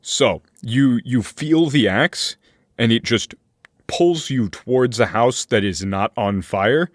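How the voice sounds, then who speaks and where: A man running a tabletop game as game master, narrating slowly with fillers and restarts. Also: medium pitch, no room sound, clean studio sound. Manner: slow, hesitant narration with many fillers.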